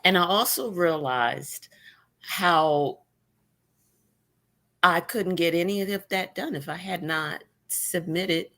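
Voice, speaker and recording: A woman with a notably low voice speaks candidly and with wry humor as a guest. She is middle-aged and talks in a casual conversation over a video call. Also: slow, pauses often, fairly bright tone. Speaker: guest, cancer survivor blogger. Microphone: remote video call.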